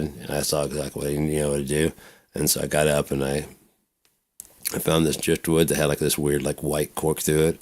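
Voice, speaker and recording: A man's voice: extremely low pitch, level tone, fairly quick, darkish tone. A man talking through his own life in a rambling personal vlog, swearing freely and slipping into voices as he tells stories. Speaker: vlogger.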